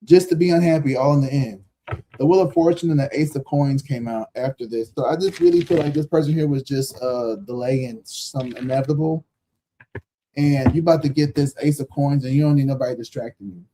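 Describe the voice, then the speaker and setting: A mid-range, mellow voice, a little fast, with slight background noise: a man in his thirties doing a live tarot reading on his stream. He keeps it casual and slangy, curses bluntly, repeats himself for emphasis, and laughs frequently.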